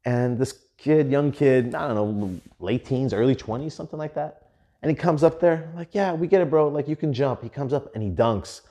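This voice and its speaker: A man hosting a podcast, telling casual stories in an animated, profane way with lots of fillers. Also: mid-range voice, moderate pace. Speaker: podcast host. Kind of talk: casual storytelling.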